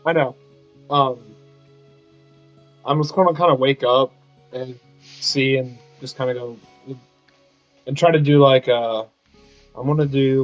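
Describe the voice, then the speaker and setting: A man playing in a tabletop game, casual and chatty, over muffled audio with background music. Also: medium pitch. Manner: casual, chatty, laughs easily. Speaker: player. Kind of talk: tabletop role-play.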